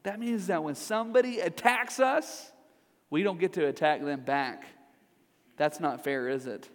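In a large church hall with reverberant sound, a middle-aged pastor preaches a sermon at a measured pace. His fairly high voice takes on a conversational tone as he jokes with the congregation.

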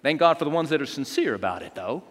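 A man preaching a sermon as a pastor, telling stories with lively, acted-out quotes. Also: on the high side, fast. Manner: animated storytelling with acted quotes. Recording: long hall reverb.

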